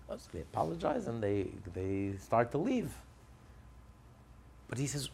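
A man's voice: medium pitch, unhurried, gravelly, pauses often, slight background noise. A man teaching a religious lesson through a story, narrating with energy and acting out what the characters say. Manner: animated, acts out the characters' lines.

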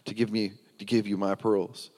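A man's voice: on the low side, level tone, moderate pace, darkish tone, lightly acted. A man telling of a young girl who treasures her pearls. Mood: pleading. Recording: long hall reverb.

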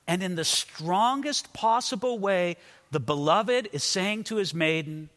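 A man's voice: high voice, lively intonation, unhurried, fairly bright tone, long reverb tail. A man preaching an expository sermon as a pastor, earnest and emphatic, often repeating words as he stresses a point.

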